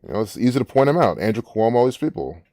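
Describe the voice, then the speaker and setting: A man's voice: medium pitch, very animated, very fast, warm tone, dry recording, studio quality. A man hosting a casual commentary, rambling and musing aloud with frequent restarts. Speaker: gematria channel host.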